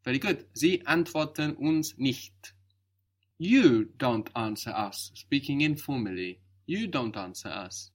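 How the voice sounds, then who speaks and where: A man's voice: medium pitch, lively intonation, takes it slowly. A man teaching a spoken language lesson, patiently explaining and modeling each word carefully.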